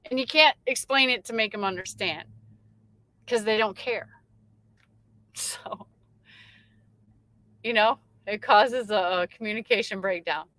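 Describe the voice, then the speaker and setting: A woman's voice: mid-range voice, unhurried, pauses often, sharp tone, no echo, poor audio. A woman, a truck driver, chatting casually on a late-night livestream and reading out viewer comments, rambling with lots of fillers.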